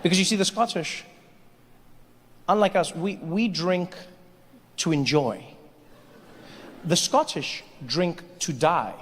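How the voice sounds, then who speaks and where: A man doing stand-up comedy, telling animated stories that build to shouts. His voice sits high. A long hall reverb and a faint hiss surround him. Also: takes it slowly, pauses often.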